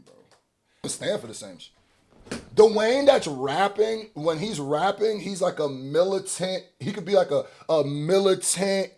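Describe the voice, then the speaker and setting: Excitable man reacting to music. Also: high-pitched, measured pace, vocal fry. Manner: excitable, swings between hype and mumbled asides. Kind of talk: casual album reaction commentary.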